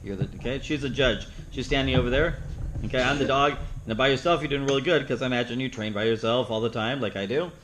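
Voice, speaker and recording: A man's voice: medium pitch, fast talker, a bit bright, a little hiss or hum, low-quality recording. A man teaching a dog training seminar, plain-spoken, who acts out the dog's thoughts in playful asides. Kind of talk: seminar teaching with live demonstration.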